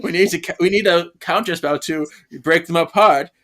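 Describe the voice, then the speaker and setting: A podcast co-host in casual chat, retelling comic scenes with expressive quoted lines. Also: medium pitch, moderate pace.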